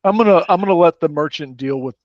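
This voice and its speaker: A man playing a tabletop game, speaking haltingly and repeating his words. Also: on the high side, dry recording, highs cut off. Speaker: player.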